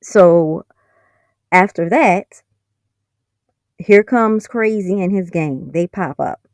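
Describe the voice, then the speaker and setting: A woman's voice: lowish voice, takes it slowly, a little mellow, no room sound, studio quality. A woman recapping a TV episode in a chatty, sarcastic way, full of fillers. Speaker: TV episode reviewer. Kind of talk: casual spoken recap.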